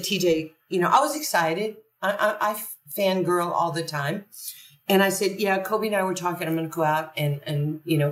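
A woman, a podcast guest, telling a story conversationally and animatedly, acting out quoted dialogue. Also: sits low. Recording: roomy echo from a distant mic.

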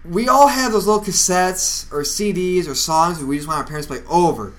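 A young man co-hosting a podcast, chatting casually and telling animated stories, shouting when he quotes people. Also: high voice, a little fast. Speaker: podcast co-host. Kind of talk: casual chat.

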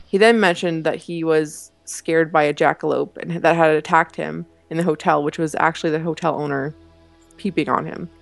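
A woman's voice: low voice, steady tone, moderate pace, vocal fry, no room sound, soft background music. A young woman co-hosting a podcast, casually recapping a TV episode with a giggly, rambling manner full of fillers. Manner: chatty, giggly, lots of fillers and likes. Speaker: podcast co-host.

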